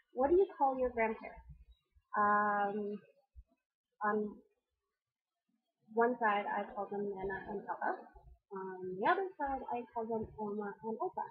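A woman's voice: medium pitch, animated, slow pace, pauses often, slightly rough. A woman vlogger chatting casually to her viewers, reading out a word list and giggling between answers. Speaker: vlogger hosting her channel. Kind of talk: casual chat to camera. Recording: tinny phone-like lo-fi sound.

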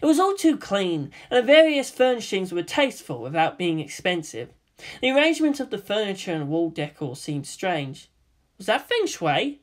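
A reader narrating a fan-fiction story aloud with expressive storytelling. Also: medium pitch, moderate pace.

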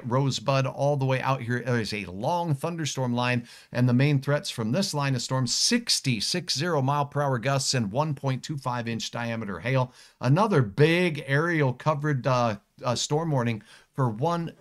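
A middle-aged man, a meteorologist, hosting a live weather stream in a folksy, jokey way, reading viewer comments aloud. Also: medium pitch.

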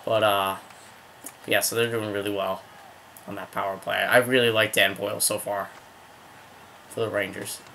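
Excitable young man commentating his hockey game. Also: lowish voice, normal speed, creaky, pauses often, a little hiss or hum. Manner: rambling, excited outbursts at plays. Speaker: gaming video host.

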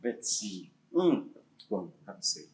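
An actor with a Nigerian accent playing a smooth-talking man who flirts with his lover. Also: fairly low pitch, big pitch swings, unhurried, echoey room, a little hiss or hum. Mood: flirtatious. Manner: crooning, flirtatious.

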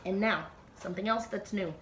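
A woman teacher guiding children through a slow, playful yoga flow with animal sounds, recorded at home. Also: medium pitch, echoey room, a little hiss or hum. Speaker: Montessori teacher leading kids' yoga. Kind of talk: gentle guided yoga instruction for children. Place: at home, dog nearby.

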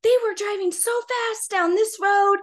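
A woman's voice: fairly even intonation, slow, full character voice. A woman doing a furious burly man ranting. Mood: agitated. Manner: shouting, agitated, raised pitch. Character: angry burly man yelling about reckless driving.

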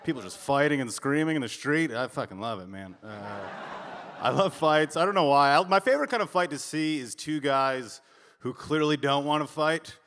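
Brief: young male stand-up, animated and crude, slightly high-pitched, on a club stage. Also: normal speed, big-room sound, slight background noise. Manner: brash, profane, animated storytelling. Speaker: stand-up comedian. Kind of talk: stand-up comedy set.

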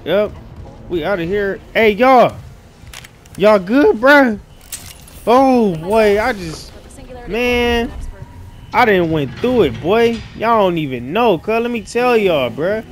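High-voiced male gamer talking slangy and loose at night, jumping into yelps when scared, with faint music behind him. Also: lively intonation, slow. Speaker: gaming streamer. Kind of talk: casual let's-play commentary. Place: dark room at night.

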